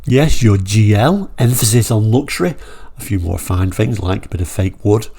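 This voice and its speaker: Male channel host, gravelly and warm, relaxed and digressive, enthusiast chatting over brochures. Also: lowish voice, normal speed. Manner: chatty and rambling, digresses then pulls himself back on track. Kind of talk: casual talk-through of old car brochures.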